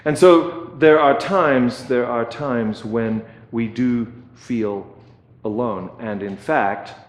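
Slow-speaking male pastor in an echoey hall. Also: mid-range voice. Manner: conversational, asks "okay?" and repeats words. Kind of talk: sermon.

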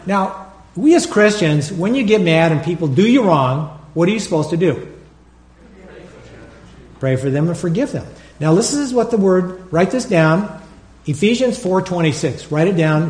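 A man preaching a sermon as pastor, animated, acting out his own prayers and calling out to the congregation for responses. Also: fairly high pitch, normal speed, pauses often, reverberant.

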